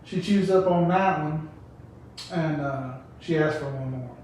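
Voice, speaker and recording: A man's voice: unhurried, a little mellow. A man, telling stories in a rambling, casual way as a podcast guest. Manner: rambling, laughing, acts out quotes in a high voice. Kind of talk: casual storytelling chat. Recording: roomy echo, mic at a distance, faint room noise.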